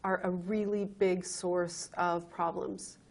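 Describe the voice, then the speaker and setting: A woman's voice: on the low side, flat delivery, takes it slowly, darkish tone. A woman playing a clinic counselor in a training video, insistently lecturing a patient about his health. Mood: pressing.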